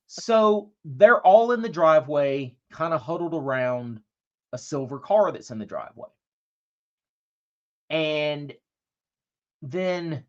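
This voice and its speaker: A man's voice: on the high side, highs cut off. A man co-hosting a podcast, telling a long story in a loose, profane way and acting out what people said. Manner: profane, rambling anecdote with acted-out quotes. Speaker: podcast co-host. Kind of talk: casual storytelling chat.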